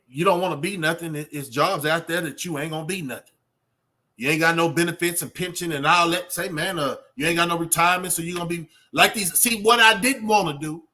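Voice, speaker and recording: A middle-aged man talks off the cuff like a street preacher, rambling and circling back with fillers. His voice sits high for a man and rings bright and forceful. It sounds like a host talking straight to his viewers. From Texas. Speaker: channel host. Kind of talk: off-the-cuff motivational talk.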